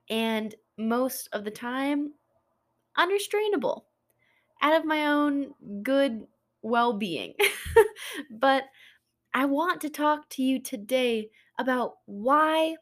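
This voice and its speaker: Woman podcast host: earnest, open-hearted, slow delivery, fairly high voice. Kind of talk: heartfelt self-help podcast talk.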